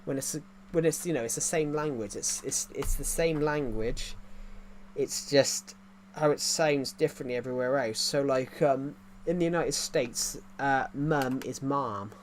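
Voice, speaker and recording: A man's voice: medium pitch, moderate pace, a little hiss or hum. A man streaming a video game, chatting casually with viewers in a rambling, jokey way, often restarting his sentences. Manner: rambling, self-correcting, jokey. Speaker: gaming streamer. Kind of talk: casual livestream chat while playing.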